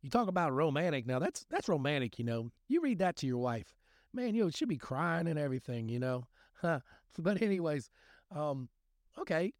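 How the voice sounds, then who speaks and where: A man's voice: on the high side, sing-song, moderate pace, a little mellow, dry recording, studio quality. A man giving a rambling, folksy talk on scripture and recovery, full of restarts and fillers. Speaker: recovery podcast host.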